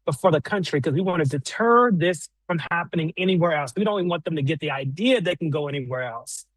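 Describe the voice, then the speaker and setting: A man gives a fervent speech in a preacher-like cadence, his voice sitting a little high. The sound is dry and close, with no room behind it. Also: no echo, poor audio. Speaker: guest speaker, organizer. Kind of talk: impassioned rally speech.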